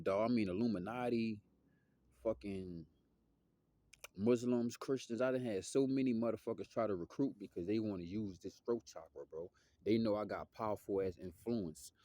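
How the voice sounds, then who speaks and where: A young man, talking in a loose, slangy, rambling monologue that drifts off topic. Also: mellow. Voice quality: deep voice. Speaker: musician vlogger.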